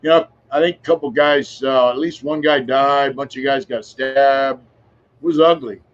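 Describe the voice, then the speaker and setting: A man's voice: mid-range voice, fairly even intonation, normal speed, highs cut off. A man around sixty, a podcast guest, tells long casual stories in a frank, rambling way with plenty of filler phrases and the odd curse. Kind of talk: casual conversational storytelling.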